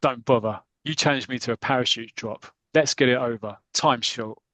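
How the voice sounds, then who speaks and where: A man's voice: medium pitch, normal speed, pushed and bright, no room sound, lightly acted. A man reading out a comic, voicing a stubborn young footballer who answers curtly.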